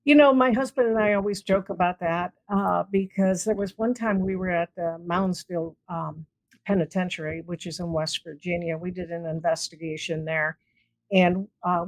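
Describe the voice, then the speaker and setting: A woman with a lowish voice, speaking at a moderate pace, is interviewed as a guest; she's a paranormal investigator. She tells stories casually and animatedly, acting out quoted dialogue. The recording is rough, with no echo.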